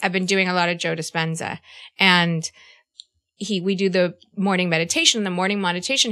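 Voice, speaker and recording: A woman in her fifties hosting a podcast in casual conversation, earnest and halting, acting out little quotes as she talks. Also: fairly low pitch, a bit bright. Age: 50s. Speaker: podcast host.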